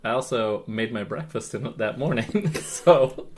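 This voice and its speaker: A man's voice: mid-range voice, expressive, measured pace, slight background noise. A man co-hosting a casual hobby podcast, a rambling storyteller who laughs often. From Canada. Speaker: podcast co-host. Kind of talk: casual chat.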